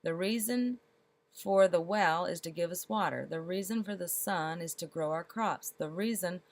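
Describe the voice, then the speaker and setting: A woman's voice: on the low side, dry recording, close to an everyday voice. Brief: woman reading as an ancient storybook elder, shaky voice, careful and dry. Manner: quavering, measured. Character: very old, shrewd male village councilor.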